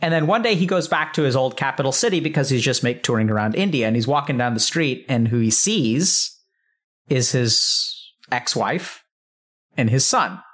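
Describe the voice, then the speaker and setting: This male interview host has a mid-range voice and keeps a moderate pace. Telling a story in a loose, lively way, he swears freely and does the characters' voices himself.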